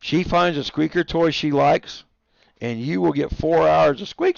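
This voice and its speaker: Gravelly-voiced man chatting on stream. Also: a little high, lively intonation, moderate pace, dry recording, dull audio. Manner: rambling storyteller, chuckling, talks to his dogs. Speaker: livestreamer. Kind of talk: casual stream chat.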